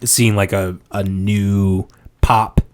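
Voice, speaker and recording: Man, lowish voice, podcast host, rambling, filler-heavy, crude humor. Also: level tone, slow, smooth. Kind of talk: casual podcast chat. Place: podcast studio.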